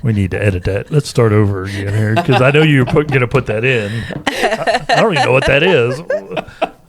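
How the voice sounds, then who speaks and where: Gravelly man joking on a podcast. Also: medium pitch, expressive, brisk, crowd noise. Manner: joking, fact-checking aloud. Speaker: podcast co-host. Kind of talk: casual chat.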